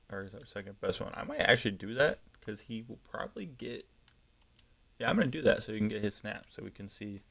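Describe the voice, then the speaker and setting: A man's voice: fairly low pitch, creaky, a bit bright. A man streaming a football video game, chatting casually as he thinks aloud, with frequent ums and self-corrections. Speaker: gaming streamer. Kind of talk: casual live-stream commentary.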